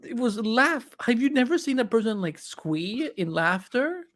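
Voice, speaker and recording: A young man co-hosting a casual livestream chat, with a strained, tired throat, animated and prone to slipping into character voices. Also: very high-pitched, moderate pace. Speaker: co-host.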